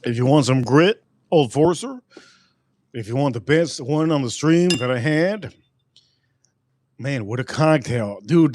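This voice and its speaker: A man's voice: medium pitch, a little mellow, no room sound. A man hosting a casual livestream, rambling and joking with plenty of swearing. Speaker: livestream host.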